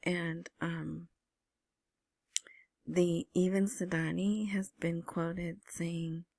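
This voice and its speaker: A woman hosting her own vlog, giving casual screen-share commentary on news in a soft, half-whispered way, with many ums and restarts. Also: on the low side, little pitch movement, extremely slow, creaky, no room sound. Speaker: vlogger commenting on Iraqi news and currency.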